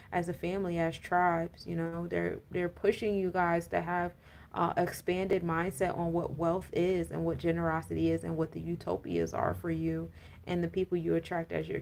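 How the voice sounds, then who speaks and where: A woman's voice: on the low side, gravelly, darkish tone, a little hiss or hum. A woman giving a casual, rambling astrology and tarot talk, full of fillers and laughing rants. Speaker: spiritual coach and tarot reader.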